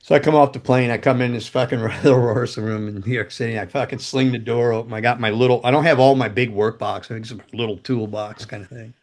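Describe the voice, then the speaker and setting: An older man, a former rock roadie, telling stories as a podcast guest in a loose, profane, animated way. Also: mid-range voice. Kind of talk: casual storytelling interview.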